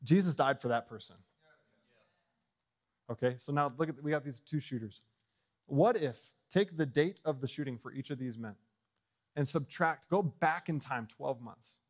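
Preaching from the sanctuary, this male pastor speaks at medium pitch and a moderate pace, leaving long pauses. His fiery delivery moves from booming declarations to hushed asides and jokes shared with the congregation.

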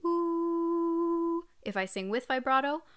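A woman vocal coach with a fairly high, smooth and clear voice talks casually through a live-streamed lesson. She breaks into short sung phrases to show each point. She sounds like a young adult. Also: measured pace, fairly bright tone. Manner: chatty, demonstrates by singing short phrases.

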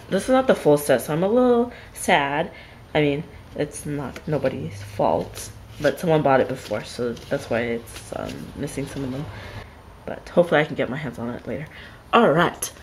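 A woman with a low-pitched voice chats casually through an unboxing, gushing over each item. Her bursts of excitement alternate with soft, near-whispered asides. A faint background noise sits under the recording. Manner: gushing, excitable, repeated exclamations; drops to soft near-whispers while handling items. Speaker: vlogger unboxing a trade package.

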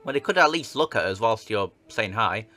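Speaking fairly quickly and expressively, this young gaming video host has a lowish voice with a bright, forceful tone. He chats, makes fun of himself, and reads out game text while playing through a let's-play.

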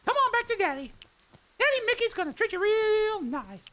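A man voicing a vulgar, cocky male cartoon mouse in a squeaky falsetto, trash-talking through a comedic game role-play. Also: sing-song, normal speed, bright, forceful tone, exaggerated voice. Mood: taunting. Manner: brash, trash-talking, mock-dramatic.

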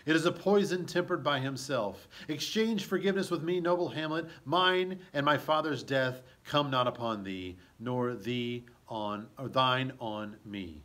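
Brief: a man doing a remorseful young noble on his deathbed, unhurried, mid-pitched. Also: fairly bright tone, close to an everyday voice.

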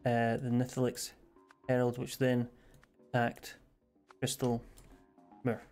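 A man's voice: mid-range voice, completely flat delivery, slow pace, darkish tone, smooth, faint music behind. Crude, joking Scottish man streaming a game. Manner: crude, joking, reading aloud hesitantly. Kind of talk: casual live-stream commentary.

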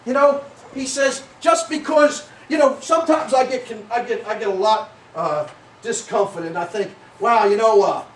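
A man's voice: very high voice, moderate pace, slight background noise. A middle-aged man preaching a sermon as pastor, rambling and correcting himself with many fillers. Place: church sanctuary. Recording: roomy church sound from a distant mic.

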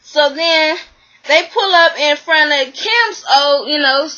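Casting note: woman, high bright voice, slow unhurried delivery, slangy exasperated show recap. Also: lo-fi sound. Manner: animated, exasperated, acts out the people she quotes; slangy, swears freely. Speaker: vlogger recapping a reality show. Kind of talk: casual recap and commentary.

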